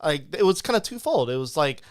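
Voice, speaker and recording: A man's voice: a little high, sing-song, a little fast, dry recording, clean studio sound. A man hosting a live podcast interview, chatting casually and rambling, with lots of restarts and acted-out quotes. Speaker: podcast host.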